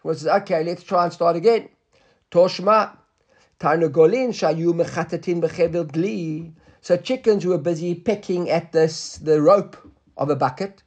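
Husky high-voiced man teaching Talmud. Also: normal speed, a little mellow. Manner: explains step by step, often asks "right?" to check students follow; mixes English with Hebrew and Aramaic terms. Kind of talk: Talmud class lecture.

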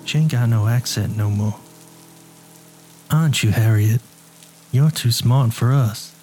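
A man's voice: medium pitch, a little slow, darkish tone, slight background noise, close to an everyday voice. A man voicing an uncanny, taunting woman who speaks in a mocking sing-song.

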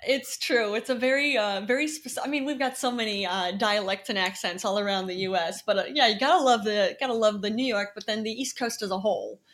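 A woman's voice: mid-range voice, fairly quick, hardly any pauses, fairly bright tone. A woman hosting a casual chat, asking questions and making ironic asides. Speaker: podcast host.

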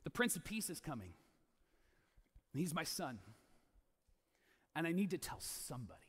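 A man in his thirties preaching a sermon as pastor, animated, acting out quoted voices and repeating key lines. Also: a little high, normal speed, husky, in a large hall.

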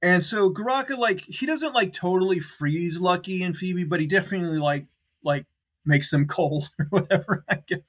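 A man's voice: high-pitched, moderate pace. A man co-hosting a casual chat, recapping a film in a rambling way with many fillers. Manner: rambling, lots of "like" and "um" fillers, laughs easily. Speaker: podcast co-host recapping a film.

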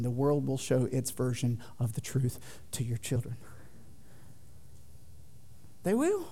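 A man in his thirties preaching from a church stage, folksy and quick to joke with the congregation. His voice rises loud for emphasis, then drops low and quiet. The pitch sits mid-range for a man. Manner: animated, swings from loud to quiet. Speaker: pastor. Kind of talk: sermon. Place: church sanctuary.

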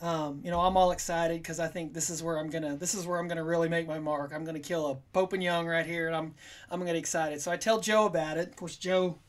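A man's voice: on the high side, quick pace. Rambling man spinning a hunting yarn. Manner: rambling, animated, quotes himself in little voices. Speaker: guest telling a hunting story. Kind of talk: casual podcast storytelling.

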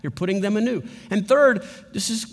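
A man with a high voice preaches in a casual, conversational tone. Now and then he acts out the words of someone making an apology. His voice rings with a long reverb, as in a large hall. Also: fairly quick. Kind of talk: sermon.

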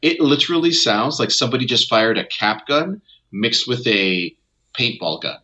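A man with a bright, forceful tone and a lively, animated pitch chats casually about a film. He mocks its flaws and gets more worked up with each complaint. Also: normal speed, highs cut off. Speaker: podcast co-host. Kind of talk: casual movie review chat.

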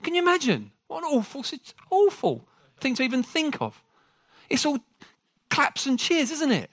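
A man preaching a sermon to a congregation. He jokes with the room and talks in an animated way. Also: extremely high pitch, normal speed, no echo.

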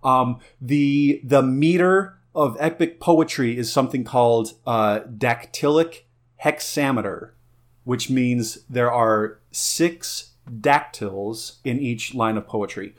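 A man's voice: medium pitch, slow. A man co-hosting a podcast, casually and playfully explaining things with enthusiasm. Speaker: podcast co-host.

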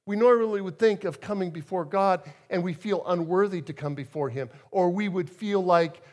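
A middle-aged man preaching a sermon as a guest speaker, telling stories with emphatic swings between soft and loud. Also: high voice, moderate pace. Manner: storytelling, emphatic swings in loudness.

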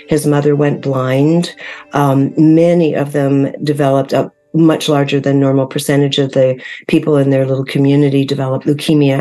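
Low-voiced woman host with soft music. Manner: conversational, with frequent fillers and self-corrections. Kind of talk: solo commentary video.

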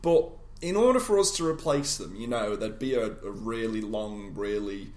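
A man's voice: on the low side, lively intonation, normal speed. A man co-hosting a comedy podcast, mock-serious and full of restarts. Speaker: podcast co-host. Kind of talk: casual comedic banter. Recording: echoey room.

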